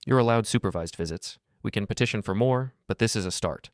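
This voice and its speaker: A man voicing a calm, capable male lawyer in a story, brisk and reassuring. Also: on the low side, dry recording, clean studio sound, lightly acted. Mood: businesslike.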